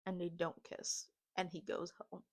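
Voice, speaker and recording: A woman's voice: on the low side, monotone, unhurried. A young adult woman vlogging a casual movie recap and reaction, slangy and dramatic, with comic asides.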